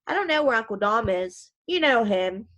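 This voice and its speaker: A man's voice: very high voice, sing-song, moderate pace, bright, forceful tone, heavily acted. A woman voicing a sly, cocky boy cousin who talks offhandedly. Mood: offhand.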